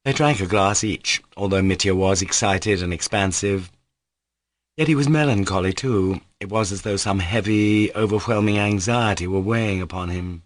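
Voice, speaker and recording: A man narrating a classic novel as an audiobook in a steady, measured way. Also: low-pitched, no echo. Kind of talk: scripted narration.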